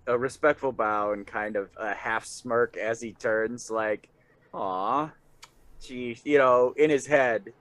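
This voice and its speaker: A man's voice: mid-range voice, dry recording. A man playing a tabletop role-playing game, describing his character's actions and often laughing partway through a sentence. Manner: unhurried, lively intonation, laughs mid-sentence. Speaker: player. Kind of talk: tabletop role-play chat.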